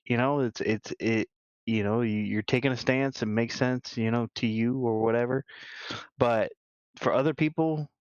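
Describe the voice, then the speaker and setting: A man's voice: mid-range voice, steady tone, normal speed, clean tone, no echo. A man co-hosting a gaming podcast, talking casually in a rambling way, full of restarts and "you know.". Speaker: podcast co-host. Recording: dull lo-fi dry sound.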